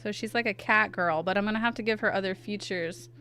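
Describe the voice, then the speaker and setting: A woman's voice: mid-range voice, fast, sharp tone, faint music behind. A woman streaming while she draws, chatting casually, reading her chat aloud and answering it with self-deprecating asides. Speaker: art streamer.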